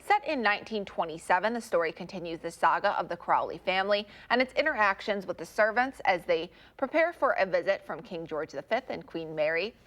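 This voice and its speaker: A woman anchoring a morning news show in a clear, scripted delivery. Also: on the low side, animated, a little fast, few pauses, a bit bright.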